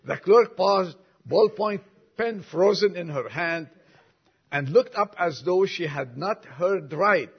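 Captured in dull lo-fi sound, an older pastor delivers a sermon, reading a long story aloud and tossing folksy asides to his congregation. He has a high, slightly rough voice.

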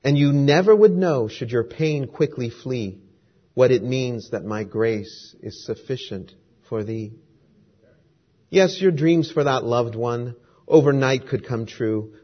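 A gentle, fatherly God speaks calmly and tenderly to a weary child, in a man's reading of a poem. The voice is husky and measured. The recording is muffled and lo-fi. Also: medium pitch, natural voice. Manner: soft, calm, measured. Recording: dull lo-fi recording.

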